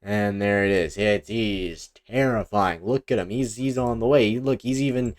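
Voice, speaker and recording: A man's voice: lowish voice, moderate pace. A man giving goofy, self-mocking commentary as he draws, rambling and restarting often, at a desk mic with headphones. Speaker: online video creator. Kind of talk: joking commentary while drawing. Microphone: desk mic with headphones, face cam.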